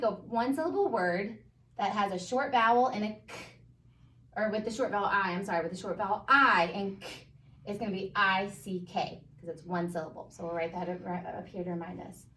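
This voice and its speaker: A woman with a Southern US accent, teaching a phonics review to first graders in a patient, encouraging way, sounding words out slowly. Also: medium pitch, a bit bright. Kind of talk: phonics lesson for young children. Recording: echoey room, voice a bit far from mic.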